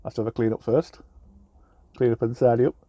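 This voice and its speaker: A man's voice: medium pitch, level tone, fast talker, no room sound, highs cut off. A man from England who drives trucks, chatting casually in a rambling, self-deprecating way with lots of fillers and restarts, recorded in his truck cab. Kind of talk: casual vlog chat.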